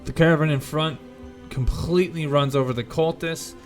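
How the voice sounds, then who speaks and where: A man narrating a tabletop game as game master, painting each scene slowly with fillers and self-corrections. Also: on the high side, steady tone, faint music behind.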